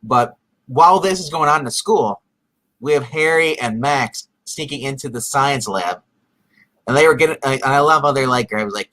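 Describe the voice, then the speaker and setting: A man talks through a TV episode in a loose, rambling way, padding his sentences with fillers. His voice is bright and crisp at a middle pitch. He keeps jumping into the characters' lines with sudden lively bursts. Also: normal speed, no room sound, rough recording. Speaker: podcast co-host recapping a TV episode. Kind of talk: casual chat.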